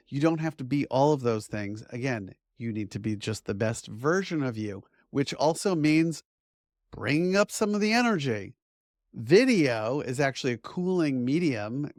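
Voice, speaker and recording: A man's voice: a little high, no echo, clean studio sound. A middle-aged man, a media trainer, giving an upbeat, conversational lesson to camera. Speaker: media trainer and course instructor. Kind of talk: instructional talk to camera.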